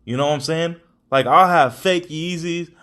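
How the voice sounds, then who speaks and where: A man's voice: on the high side, moderate pace, a bit bright. A young adult man hosting a podcast, talking in casual, rambling chat full of slang and swearing. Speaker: podcast host.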